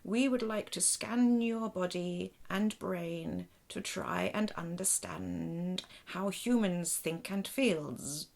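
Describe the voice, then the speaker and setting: A woman voicing a small, polite female alien ship captain whose translated voice sounds creaky, buzzing and a little robotic, speaking slowly and formally. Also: lowish voice, darkish tone. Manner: slow, careful, formal speech.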